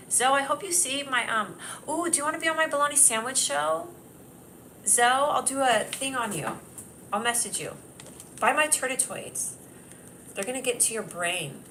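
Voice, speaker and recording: A woman comedian hosting her own livestream, chatting loosely and giggling, often talking loudly and at times yelling. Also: fairly high pitch, a little hiss or hum, poor audio. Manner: giggly and scattered. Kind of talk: rambling casual livestream chat. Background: piano playing.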